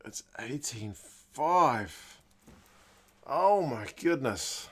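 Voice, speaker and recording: A man hosting a live rugby watch-along, giving chatty play-by-play that bursts into loud, excited shouts and mild swearing. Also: medium pitch, very slow, slightly rough. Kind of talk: live sports reaction commentary.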